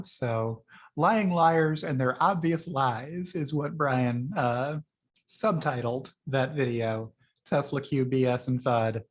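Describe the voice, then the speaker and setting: A man casually talking through the tweets he liked that week, chatty and rambling, with frequent fillers. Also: mid-range voice. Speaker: host reviewing liked tweets. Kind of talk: casual screen-share commentary.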